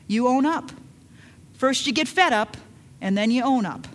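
A middle-aged woman preaching a sermon, emphatic, dropping to hushed lines and rising to loud urgent calls. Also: on the high side, animated, measured pace. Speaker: pastor.

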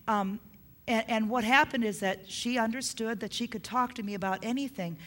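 A woman's voice: a little high, normal speed, fairly bright tone. Earnest middle-aged woman preaching. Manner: earnest, repeats key lines for emphasis. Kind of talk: sermon on parenting.

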